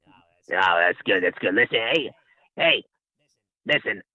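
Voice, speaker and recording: A man voicing a crude male caller on a cell phone, with a gravelly voice and a slow drawl. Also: fairly low pitch, animated, dry recording, dull audio.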